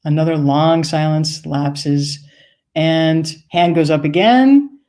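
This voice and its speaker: A woman's voice: low voice, slow, mellow. A woman from Maine telling a wry, conversational personal story on stage. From United States, Maine.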